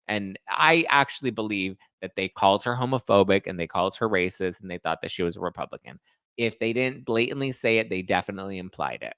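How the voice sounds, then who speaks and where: A man's voice: on the low side, animated, quick pace, a bit bright, clean tone, dry recording. A man hosting a podcast, chatting casually and with sass while recapping reality TV. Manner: chatty and sassy, acts out quotes. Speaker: podcast host.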